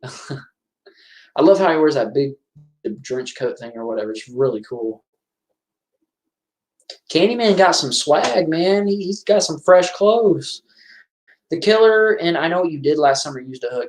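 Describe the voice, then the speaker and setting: Excitable male film commentator, slightly high voice, rambling, roomy echo. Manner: chatty, excitable, rambling with restarts. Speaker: movie commentator. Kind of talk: casual movie commentary. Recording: echoey room.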